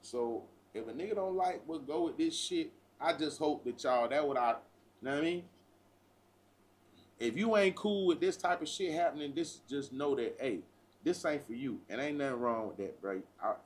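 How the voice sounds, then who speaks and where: With lively intonation and a moderate pace, this mid-range male voice belongs to a livestream host from the United States. He holds forth in a preachy, profane street-talk monologue, constantly calling people "bruh."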